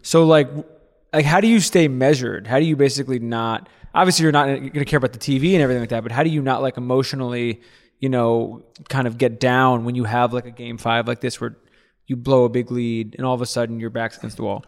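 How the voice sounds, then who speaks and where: A man talks quickly as he asks long, winding questions in a casual podcast. His voice sits mid-range, and the recording rings with a long hall-like reverb. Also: medium pitch, steady tone. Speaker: guest co-host asking questions.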